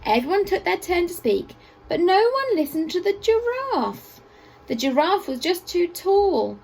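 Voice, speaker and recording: A woman teacher reading a picture book aloud to children at a school assembly, with expressive storytelling and playful asides. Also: very high voice, measured pace, vocal fry, rough recording.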